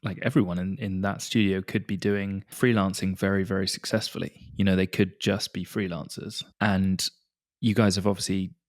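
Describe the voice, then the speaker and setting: A man's voice: low voice, little pitch movement, normal speed, dry recording, studio quality. A man hosting a podcast interview, asking long, rambling questions in a chatty way with lots of fillers. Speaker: podcast host. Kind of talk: casual interview chat.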